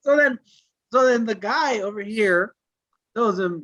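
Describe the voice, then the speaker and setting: Profane, animated storytelling man, muffled sound. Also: high-pitched, slow, pauses often, dry recording. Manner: animated, swears constantly, acts out quotes. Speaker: podcast co-host. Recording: dull lo-fi dry sound.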